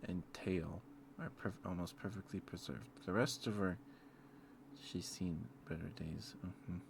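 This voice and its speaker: Man, soft-spoken ASMR ramble, deep voice, hesitant, tender, faint background hiss. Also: a little slow, vocal fry. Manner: rambling, hesitant, many fillers; tender, easily moved. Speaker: ASMR streamer.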